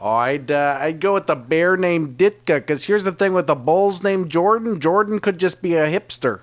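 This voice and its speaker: A man's voice: fairly high pitch, normal speed. A man co-hosting a comedy podcast, swearing a lot and ranting in mock anger. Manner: animated, profane, mock-angry rants. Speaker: podcast co-host. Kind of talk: improvised comedy banter.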